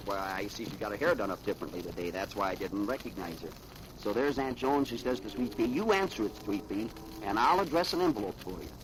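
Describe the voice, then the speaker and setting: A middle-aged man, a mayor, reading comic strips aloud to children over the radio in a chatty, chuckling way with rambling asides. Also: fairly low pitch. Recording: hissy 1930s radio archive recording.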